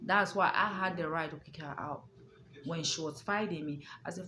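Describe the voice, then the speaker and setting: Emphatic woman with a low voice. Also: normal speed, sharp tone, faint music behind. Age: adult. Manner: emphatic, repetitive, addresses listener directly. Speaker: vlogger telling a family story. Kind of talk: casual storytelling to camera.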